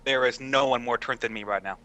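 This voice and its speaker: A man's voice: medium pitch, brisk, pushed and bright. A man co-hosting a casual podcast, joking and stumbling over repeated words. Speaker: podcast co-host.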